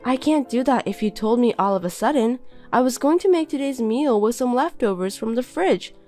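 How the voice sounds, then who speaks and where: A woman's voice: fairly high pitch, lively intonation, a little fast, dark tone, faint music behind, pitched above the performer's own voice, lightly acted. Hurt young housewife, woman lifting her voice, pleading and defensive. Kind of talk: reading a text-message story.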